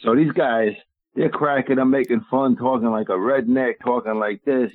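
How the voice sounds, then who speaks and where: A man's voice: medium pitch, normal speed, no room sound. Indignant male caller on a tinny phone line. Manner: emphatic, indignant, rambling. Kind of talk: call-in radio talk.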